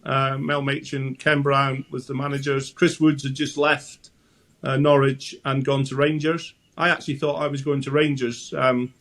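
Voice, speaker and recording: A man's voice: medium pitch, little pitch movement, moderate pace, fairly bright tone. A Scottish man in his sixties, a former goalkeeper, chatting as a guest and telling anecdotes with frequent restarts. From Scotland. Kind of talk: casual interview chat.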